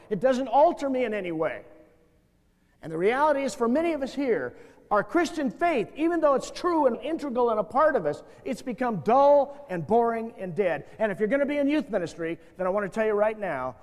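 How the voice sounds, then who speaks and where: Man, middle-aged, high-pitched, animated storyteller, impassioned talk, long hall reverb. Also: a little fast. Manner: animated storyteller who acts out quoted voices. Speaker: seminar speaker for youth workers. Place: large church hall with audience. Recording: reverberant hall, glitchy VHS tape transfer.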